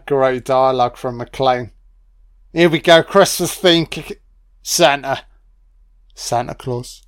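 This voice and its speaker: A drunk man rambling and swearing excitedly through a film commentary. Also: medium pitch, slow, no echo, clean studio sound. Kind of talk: audio commentary over a film.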